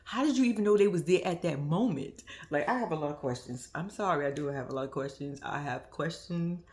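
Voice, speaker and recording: A woman's voice: low voice, a little fast. A young woman vlogger giving casual, profane commentary on a reality show, laughing often and acting out what people said. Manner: animated, profane, laughs often, acts out quotes. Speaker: reaction vlogger.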